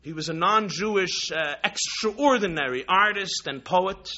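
A man from New York preaches as a rabbi, telling a long story with animated repetition and restarts. His voice is high and bright, and the recording sounds dull and lo-fi. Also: unhurried. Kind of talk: sermon storytelling.

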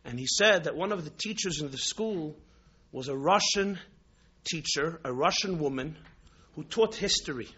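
A man from New York, a rabbi, telling a story in a sermon, animated and repetitive with frequent restarts. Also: fairly high pitch, normal speed, breathy edge, muffled recording.

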